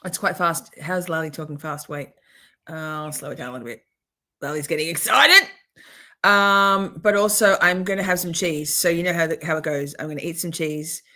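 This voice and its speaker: Aussie woman rambling on a livestream, kinda low voice, just chatting away. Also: normal speed, sharp tone. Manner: chatty, rambling, reacting to trial footage. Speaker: livestream host. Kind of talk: casual live commentary.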